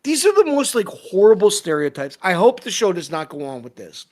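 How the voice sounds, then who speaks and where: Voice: mid-range voice, big pitch swings, fairly quick, darkish tone. Heated, profane co-host ranting. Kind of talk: casual review chat.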